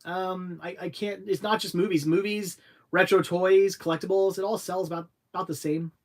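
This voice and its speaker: On a livestream, a young adult man with a slightly higher-than-average voice reads out viewer questions and answers them loosely, rambling with restarts and halting pauses. His intonation stays fairly even and a bit mellow.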